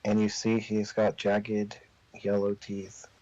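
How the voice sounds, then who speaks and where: A man narrating a tabletop game as game master, telling the story in a slow, drawn-out way. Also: on the low side, completely flat delivery, dark tone, no room sound. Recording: dull lo-fi recording.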